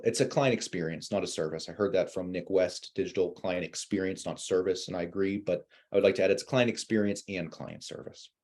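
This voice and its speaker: A man, an insurance agent, telling sales stories in a casual, animated way and acting out callers in a higher voice. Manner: many fillers and restarts. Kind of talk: casual webinar talk.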